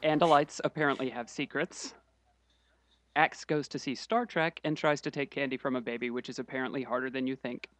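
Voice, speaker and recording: A man co-hosting a casual podcast, recapping a book's plot quickly and dropping wry asides. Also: mid-range voice, steady tone, fairly bright tone. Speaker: podcast co-host summarizing a book.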